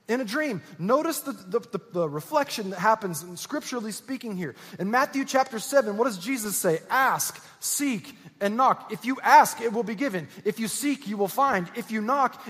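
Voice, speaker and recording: A man's voice: sits high, fairly bright tone, slightly rough. A man preaching a sermon as pastor, earnest and emphatic, repeating key lines. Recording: echoey church hall.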